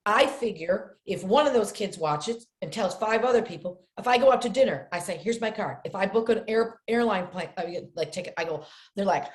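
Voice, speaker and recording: A middle-aged woman from upstate New York tells stories from her acting career with lots of energy. She slips into the voices of the people she quotes and repeats words for emphasis. Her voice sits at a middle pitch and rings a little in a roomy space. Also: lively intonation, fairly quick, few pauses. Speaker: actress and filmmaker, podcast guest. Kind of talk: animated storytelling in conversation. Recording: roomy echo.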